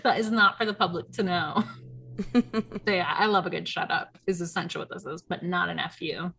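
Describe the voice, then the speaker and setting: A young woman hosting a casual chat, telling stories in an animated way, full of "like" and quick laughs. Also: fairly low pitch, creaky, a little hiss or hum. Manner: animated storyteller, heavy on "like", laughs often. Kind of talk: casual chat recapping a reality show.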